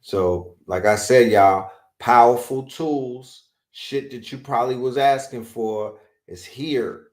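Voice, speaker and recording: A man's voice: medium pitch, takes it slowly, few pauses, roomy sound. A man co-hosting a livestream, talking in a rambling, slangy, emphatic way. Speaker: guest co-host. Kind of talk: casual chat.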